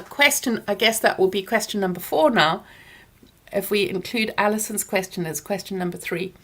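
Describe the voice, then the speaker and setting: A woman therapist answers viewer questions in a live online session. She speaks close to the mic in a calm, explanatory way, at a mid pitch, with plenty of fillers and restarts. A throat lozenge sits in her mouth as she talks. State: talking around a throat lozenge. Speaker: therapist hosting a Q&A. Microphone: close mic near her ears.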